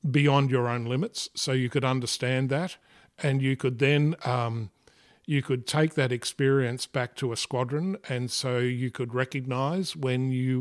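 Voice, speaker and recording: An older Australian man with a mid-range voice, a retired air force fighter pilot, tells stories as a guest in a casual interview. He speaks haltingly, with many fillers and restarts, and laughs often.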